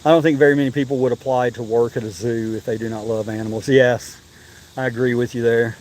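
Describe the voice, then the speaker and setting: A man's voice: medium pitch, steady tone, fast talker, slight background noise, rough recording. A man vlogging casually outdoors at a zoo, joking, chatting to viewers and now and then swearing. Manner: chatty, joking, swears and yells animal names. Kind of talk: casual vlog walkthrough.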